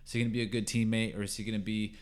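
A man hosting a solo sports podcast, talking in an opinionated, rambling way with many fillers and restarts, rising in pitch and volume when he gets heated. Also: flat delivery, racing, clear, resonant tone. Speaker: podcast host.

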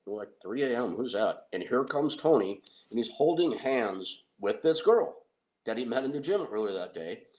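A middle-aged man telling an anecdote in a casual, excitable way, with restarts. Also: medium pitch, normal speed, low-quality recording. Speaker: guest storyteller. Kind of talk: casual anecdote on a talk show.

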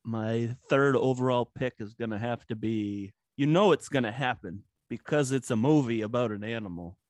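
Male podcast guest, medium-pitched, relaxed and hesitant, dry close-miked sound. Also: normal speed, no echo. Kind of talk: casual podcast chat.

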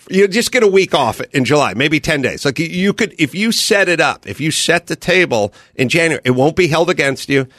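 A man's voice: on the high side, lively intonation, a little fast, hardly any pauses, a bit bright, no room sound. A man hosting a podcast, chatting casually in a studio and acting out quoted bits as he tells a story. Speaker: podcast host. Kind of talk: casual comedic studio chat.

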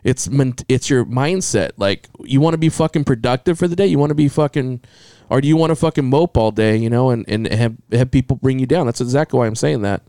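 A blunt man ranting in a loose podcast chat, full of swearing and straight talk. His voice sits at an ordinary middle pitch. The sound is dry and close, with no room around it. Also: a little fast, hardly any pauses, warm tone, smooth, no room sound. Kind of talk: casual chat.

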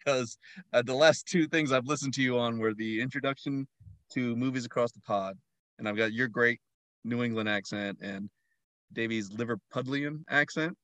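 Mid-pitched man, chatty podcast guest, self-mocking and giggly, dry close sound. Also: normal speed, a bit bright, no room sound. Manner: self-deprecating, laughs a lot. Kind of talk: casual podcast chat.

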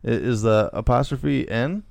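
A man's voice: mid-range voice, measured pace, vocal fry, a little mellow, no echo. A middle-aged man, co-hosting a casual podcast and rambling with frequent restarts. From Illinois, USA. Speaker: podcast co-host.

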